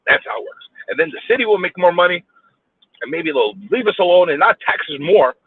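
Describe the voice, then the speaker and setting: Brief: New York guy venting behind the wheel, high lively voice, husky, phone-quality sound. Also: brisk, no room sound. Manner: exasperated, repetitive, rhetorical questions, swears. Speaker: vlogger ranting while driving. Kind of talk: angry road rant. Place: in a car in city traffic. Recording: tinny phone-like audio.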